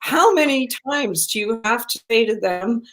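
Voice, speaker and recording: A woman's voice: on the high side, expressive, moderate pace, a bit bright. Chatty woman dog trainer, full of fillers. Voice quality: chatty, many fillers, acts out dog voices. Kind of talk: casual chat.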